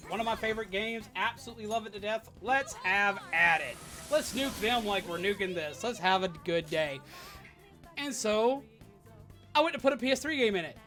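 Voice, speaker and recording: A young adult livestream host telling a work story in an animated, sarcastic rant while chatting with viewers. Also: mid-range voice. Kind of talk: live stream storytelling rant.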